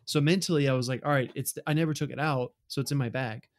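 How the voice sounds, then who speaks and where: A man's voice: medium pitch, fast. A man co-hosting a podcast, casually and sheepishly telling stories about his own travel mistakes. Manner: sheepish, self-deprecating storytelling. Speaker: podcast co-host. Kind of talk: casual chat.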